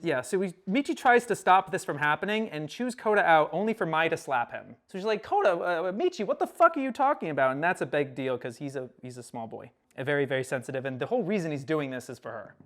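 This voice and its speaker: A young man giving a casual recap lecture, animated, acting out characters' lines with sudden loud outbursts. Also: fairly high pitch, quick pace, hardly any pauses.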